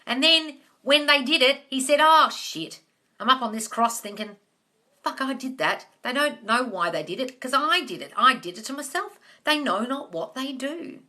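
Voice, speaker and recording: Aussie woman on a phone live stream, swears a lot, bright high-ish voice, straight-talking. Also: animated, normal speed, hardly any pauses. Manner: blunt, sweary, emphatic, calls listeners darling and guys. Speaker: manifesting coach hosting a live Q&A. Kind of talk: blunt casual live-stream advice. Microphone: phone or webcam on a live stream.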